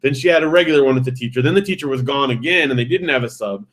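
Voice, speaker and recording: A man's voice: medium pitch, racing, a bit bright. A man co-hosting a podcast, chatting casually and explaining events in detailed step-by-step accounts. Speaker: podcast co-host. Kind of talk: casual chat.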